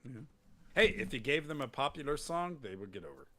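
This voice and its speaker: A man's voice: mid-range voice, big pitch swings, fairly quick, a bit bright. A man hosting a wrestling podcast, chatting casually in rambling jokes and acting out quotes in goofy voices. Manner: rambling, joking, acts out quotes in silly voices. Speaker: podcast host.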